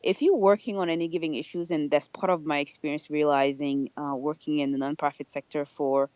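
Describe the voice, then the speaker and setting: Low-voiced earnest woman on a lo-fi podcast. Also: steady tone, brisk, darkish tone, no room sound. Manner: earnest, reflective, rhetorical "right?" tags. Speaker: podcast guest, nonprofit leader. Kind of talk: casual podcast conversation.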